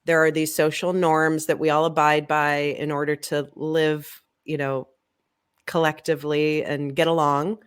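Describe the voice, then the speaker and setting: A woman's voice: deep voice, flat delivery, measured pace, clear, resonant tone. A woman guest on a podcast, chatting casually and acting out past conversations as she tells her story. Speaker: podcast guest, marketing agency owner. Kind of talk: casual interview chat.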